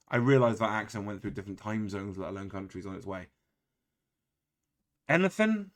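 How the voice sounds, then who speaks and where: A man's voice: fairly low pitch, big pitch swings, fast. A man giving casual, wry play-by-play commentary on his own video game, full of exasperated, self-mocking asides.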